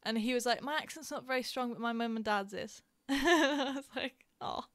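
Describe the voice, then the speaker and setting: A woman's voice: a little high, moderate pace, fairly bright tone, no room sound, clean studio sound. Chatty giggly young woman streamer. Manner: chatty, giggly, storytelling with many fillers. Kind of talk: casual chat while gaming.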